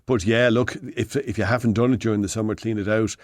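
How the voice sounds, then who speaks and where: A man's voice: lowish voice, steady tone, quick pace, darkish tone, no room sound. A man of sixty with an Irish accent, giving home repair advice on a radio show in a rambling, self-correcting way, speaking into a studio mic. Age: 60s. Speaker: hardware expert guest.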